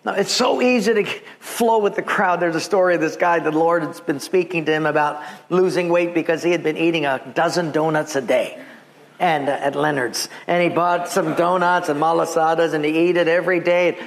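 A man's voice: a little high, steady tone, fairly quick. A male pastor preaching a sermon, telling stories with humor and acting out the people in them. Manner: storytelling with humor and acted quotes.

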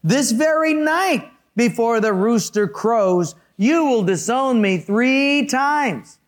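A man reading Jesus's lines slowly and solemnly in a sermon role play, in a high voice. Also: expressive, exaggerated voice. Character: Jesus, calm solemn male teacher.

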